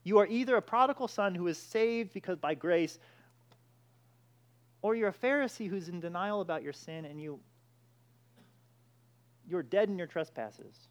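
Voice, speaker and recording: A man's voice: high-pitched, moderate pace, long pauses. A man preaching a sermon, emphatic, with frequent restarts and repeated "all right".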